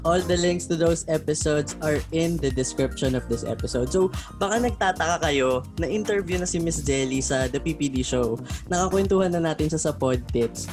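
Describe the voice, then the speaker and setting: A man's voice: on the high side, fairly quick, music in the background. A man hosting a podcast, chatting in an upbeat, casual way and mixing Tagalog and English. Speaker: podcast host.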